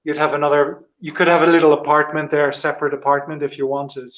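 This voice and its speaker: Appearing as a guest on a live video link, a man gives a casual, hesitant tour of the old house he's standing in, relaxed but full of frequent ums. He talks fast in a voice on the high side, and the sound is lo-fi.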